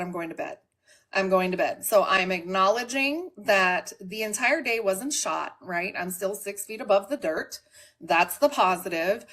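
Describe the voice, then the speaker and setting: A woman's voice: medium pitch, a bit bright. A woman hosting a casual live stream from home, talking candidly and directly to her chat. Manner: candid, plain-spoken, talks to the chat. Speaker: livestream host.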